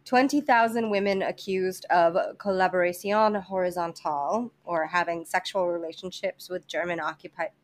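Casual woman telling history, lower voice. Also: steady tone, normal speed, hardly any pauses. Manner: conversational, profane, many fillers and restarts. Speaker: podcast host presenting history. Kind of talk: casual storytelling chat.

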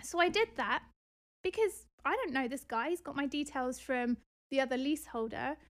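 A woman hosting a podcast, retelling a dispute in a casual, animated, indignant way with exasperated outbursts. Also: sits high, moderate pace. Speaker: podcast host and property investor.

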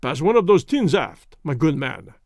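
A man voicing a haughty gentleman passenger, clipped and imperious. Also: on the high side, big pitch swings, normal speed, dry recording, clean studio sound.

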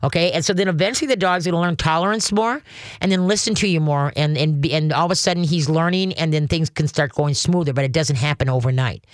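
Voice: mid-range voice, fast, no echo. Folksy, rambling dog trainer, dry sound. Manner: folksy, rambling, with frequent "you know" and "okay?" checks. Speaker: dog trainer answering a caller. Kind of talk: call-in advice talk.

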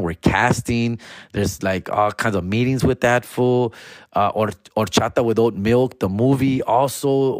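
Slangy, laid-back comedian host. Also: male voice, on the low side, no echo, clean studio sound. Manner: laid-back, slangy, drops "fool" and "dog" constantly; mixes in Spanish slang. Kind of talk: casual podcast monologue.

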